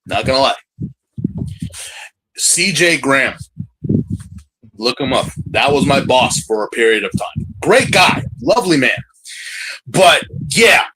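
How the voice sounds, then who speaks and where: A man co-hosting a casual podcast chat, loud and jokey, breaking into shouted impressions. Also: medium pitch, big pitch swings, a little slow, pauses often, slight background noise, rough recording. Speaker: podcast co-host.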